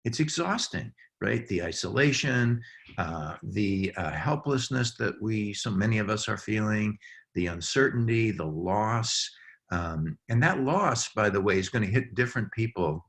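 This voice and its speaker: Deep low-voiced guy on a video call webinar, earnest, lots of ums and uhs. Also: lively intonation, unhurried. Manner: warm, earnest, many ums and uhs, chuckles. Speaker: webinar speaker for camp professionals. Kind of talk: heartfelt talk to an online audience.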